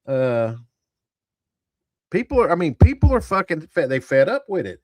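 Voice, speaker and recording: A man's voice: on the high side, sing-song, moderate pace, darkish tone, no echo, studio quality. A man hosting a tabletop gaming channel, giving blunt, profane, rambling commentary to a live chat. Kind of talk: casual livestream commentary.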